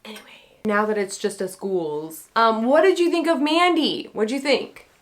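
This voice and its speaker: A woman vlogging a casual book club review, chatty and rambling with frequent ums, prone to excitable, playful asides. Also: fairly high pitch, moderate pace. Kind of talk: casual chat to camera.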